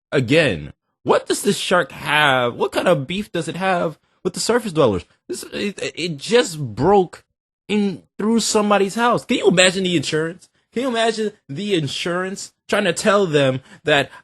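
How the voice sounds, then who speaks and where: A man hosting a reaction video, talking in animated, joking, slangy banter. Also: sits high, no room sound, clean studio sound. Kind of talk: casual reaction commentary.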